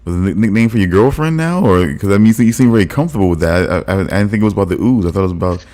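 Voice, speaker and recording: Fast-talking teasing man, stammering. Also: fairly low pitch, animated, dark tone. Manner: teasing, stammering restarts, laughing. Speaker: podcast co-host. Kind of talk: casual banter.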